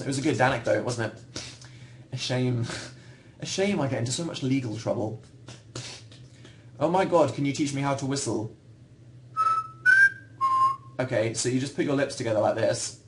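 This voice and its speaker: A young Englishman chatting loosely into his computer at home, replying to viewers. His delivery wanders and turns on himself with dry, self-mocking humor. His pitch sits right in the middle for a man. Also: noisy background. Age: young adult. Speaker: livestream host. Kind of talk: casual livestream chat answering viewers.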